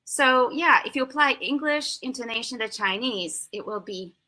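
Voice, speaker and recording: American lady in her 60s, bright voice, explains stuff emphatically, interview guest. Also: a little high, normal speed. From United States. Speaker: interview guest, language teacher. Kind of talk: conversational interview answers.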